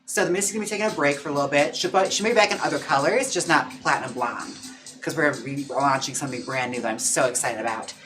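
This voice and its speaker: A man's voice: a little high, fast talker, music in the background. A drag queen hosting a casual livestream, chatting playfully and campily with viewers. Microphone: own mic.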